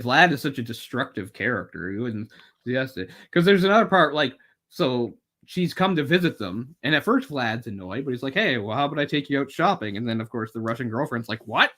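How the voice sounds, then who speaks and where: A man's voice: medium pitch, a bit bright. A man co-hosting a podcast, chatting casually and wryly about a film, rambling and swearing now and then. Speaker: podcast co-host.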